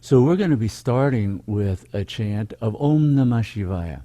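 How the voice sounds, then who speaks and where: A man leading a meditation program over a video call, speaking slowly and contemplatively in repeated rhythmic phrases. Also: fairly low pitch, animated, warm tone. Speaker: meditation teacher. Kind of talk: spiritual teaching talk.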